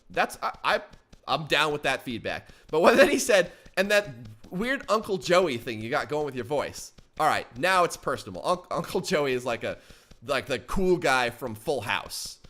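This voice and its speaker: A man gives joking let's play commentary in a fairly high, very bright, sharp voice. His pitch jumps around wildly, and he yelps whenever something in the game startles him. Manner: joking, animated, often yelps in surprise. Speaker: gaming channel host.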